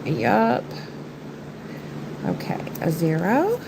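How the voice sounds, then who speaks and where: A woman's voice: lowish voice, huge pitch swings, drawn-out words, creaky, background noise. A woman hosting a nail art live stream, talking in a chatty, rambling way through a stuffed-up, nasal voice. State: congested, nasal. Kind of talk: casual live-stream chat.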